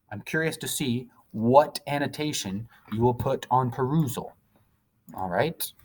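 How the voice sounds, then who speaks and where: Male teacher, mid-range voice, explaining a poem step by step to students. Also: mid-range voice. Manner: explains step by step, checks in with "okay?". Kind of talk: recorded lesson on a poem.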